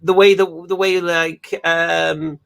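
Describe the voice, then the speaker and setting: Host, male, fairly high voice, rambling and chatty. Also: flat delivery, slow, creaky, a bit bright, slight background noise. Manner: chatty, repeats himself, laughs often. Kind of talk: casual conversation.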